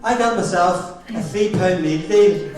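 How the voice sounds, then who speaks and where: Northern Irish dad, very echoey hall. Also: male voice, high-pitched, unhurried. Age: middle-aged. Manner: jokey storytelling with chuckles. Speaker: father of the bride giving a speech. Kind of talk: wedding speech anecdotes. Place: wedding reception hall. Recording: very echoey hall, far from the mic.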